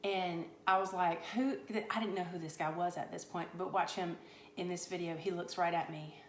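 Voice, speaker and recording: A woman's voice: on the low side, flat delivery, a little fast, echoey room, a little hiss or hum. A woman hosting a comedic cooking show on a live stream, rambling through a mock-boastful, tongue-in-cheek story.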